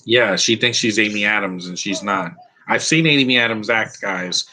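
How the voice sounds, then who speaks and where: A man's voice: fairly low pitch, moderate pace, bright, forceful tone, poor audio. A man giving a rambling, opinionated live commentary over a film, restarting his sentences often. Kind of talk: casual live movie commentary.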